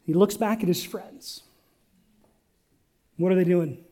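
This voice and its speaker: His voice sitting high and his pace slow, a male preacher delivers a church sermon that prompts the congregation to answer back, alternating loud passages with hushed ones.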